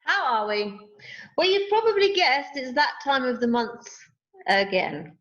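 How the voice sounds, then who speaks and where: A woman's voice: high voice, very animated, a little slow, fairly bright tone. A woman co-hosting a vocal group's update, chatting in a playful, silly, self-mocking way over a video call. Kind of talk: casual chat on a video call. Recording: dull lo-fi video call audio.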